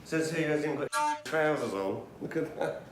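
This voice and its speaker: Man, fairly high voice, blunt and insistent, recorded distant in an echoey room. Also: huge pitch swings, unhurried, music in the background. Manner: blunt, insistent, talks over others. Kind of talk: casual argument. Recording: echoey room from far off, noisy.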